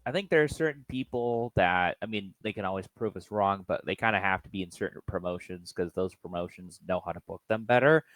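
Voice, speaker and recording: A man's voice: low-pitched, fairly quick, few pauses, a bit bright, dry recording, poor audio. A man co-hosting a wrestling podcast, talking loosely and casually with some swearing. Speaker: podcast co-host. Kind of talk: casual chat.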